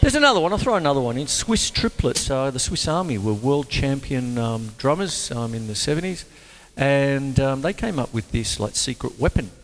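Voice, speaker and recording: A man teaching drums in a casual, jokey way, talking between demonstrations and breaking into sudden high exclamations. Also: expressive, normal speed, background noise. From Australia. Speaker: drum teacher and show host. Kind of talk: casual drum lesson with demonstrations. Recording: reverberant room with loud drumming behind.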